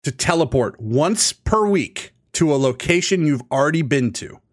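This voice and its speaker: A man's voice: fairly high pitch, lively intonation, normal speed. A man co-hosting a casual chat, reading out questions in a playful, teasing way and laughing often.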